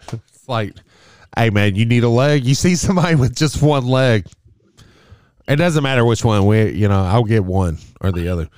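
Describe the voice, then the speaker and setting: A man's voice: medium pitch, normal speed, a little mellow, no room sound, studio quality. A man in casual chat, laid-back and profane, laughing often.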